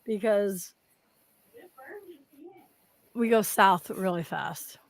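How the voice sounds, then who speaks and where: A woman's voice: medium pitch, very slow, gravelly, no room sound. A woman hosting a live stream, chatting casually, rambling and swearing. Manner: rambling, swears, laughs often. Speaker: stream host. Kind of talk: casual chat.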